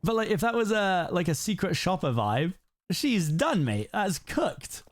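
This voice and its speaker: A man's voice: high-pitched, sing-song, a little slow. A British man streaming, chatting casually while he plays and telling rambling stories from his life. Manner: rambling storyteller, peppers talk with "like" and "right?". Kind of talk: casual chat while playing a game.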